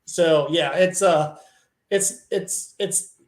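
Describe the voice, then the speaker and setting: A man telling a casual, animated story on a live show, laughing often and acting out his friends' lines. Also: fairly high pitch, extremely slow, echoey room. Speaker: truck and tractor pulling guest.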